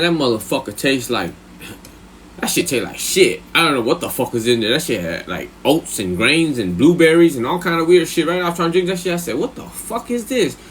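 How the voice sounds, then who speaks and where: A man telling a story casually on a live stream, full of slang and swearing, who often checks in with the listener and jumps much higher when he quotes himself. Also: expressive, fairly quick, a bit bright, a little hiss or hum. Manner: profane, slang-heavy, rambling with filler questions.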